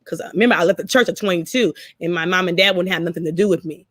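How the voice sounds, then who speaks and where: A woman's voice: lowish voice, very fast, a bit bright, no echo, studio quality. A middle-aged woman co-hosting a casual story chat, speaking candidly, swearing freely and acting out her own past. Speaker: co-host.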